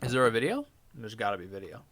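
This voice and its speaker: A man's voice: on the low side, big pitch swings, quick pace, fairly bright tone, dry recording. A young man hosting a podcast, reading news stories aloud and reacting with crude, irreverent jokes. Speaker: podcast host.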